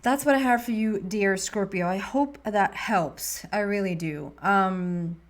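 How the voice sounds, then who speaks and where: A woman giving a monthly tarot reading in a soft, meandering way, often trailing off and restarting her sentences. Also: mid-range voice, measured pace. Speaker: tarot reader.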